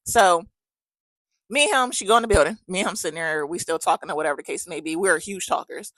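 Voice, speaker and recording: A woman's voice: lowish voice, fast talker, no room sound. A woman, likely a mother of several kids, telling a story in a casual chat style and animatedly acting out the people she quotes. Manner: animated, acts out quoted dialogue.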